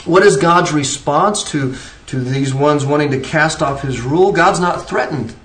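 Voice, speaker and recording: A man's voice: on the high side, unhurried, a bit bright. A man preaching an earnest sermon, pressing his points with shifting emphasis and frequent restarts. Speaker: pastor. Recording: roomy, distant from the mic.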